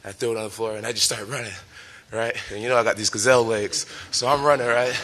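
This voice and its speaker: A bright, clear-toned young man in his twenties recounting a story with lots of animation. He laughs easily and acts out the lines of the people in it. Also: mid-range voice, quick pace. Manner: lively, laughs often, acts out quotes. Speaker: professional fighter.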